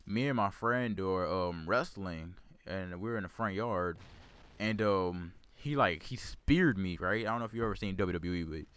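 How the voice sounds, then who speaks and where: Male gaming host, lowish voice, casual rambling storyteller. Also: normal speed, fairly bright tone, clear, resonant tone, no echo. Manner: rambling, repeats words, self-corrects. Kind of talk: casual storytelling over gameplay commentary.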